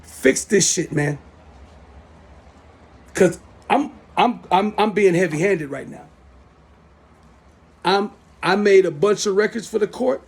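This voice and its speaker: A man's voice: high voice, animated, slow, gravelly, pauses often, a little mellow, breathy edge. A middle-aged man delivering a heated, profane, repetitive rant into his smartphone as the host of his own show. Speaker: self-styled show host. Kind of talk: angry rant to camera.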